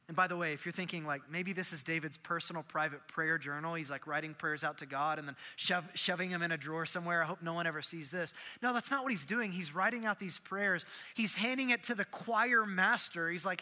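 A man preaching a sermon, animated and acting out the prayers and voices he quotes. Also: fairly high pitch, normal speed, long reverb tail. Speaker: pastor.

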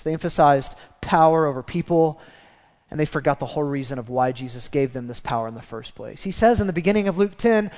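A man preaching a sermon as pastor, animated, acting out the voices of the people in his story. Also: a little high, fast, big-room sound.

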